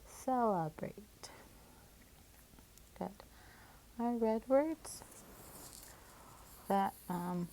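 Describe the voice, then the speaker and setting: A woman's voice: lowish voice, creaky, dark tone, slight background noise. A woman teacher leading a phonics lesson, patiently breaking words into syllables and sounding them out.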